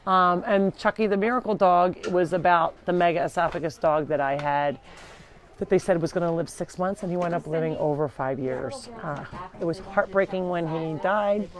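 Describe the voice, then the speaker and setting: Speaking at normal speed in a lowish voice, a woman leads viewers on a live tour of a farm sanctuary. She's chatty, walking from building to building and talking to the animals as she goes.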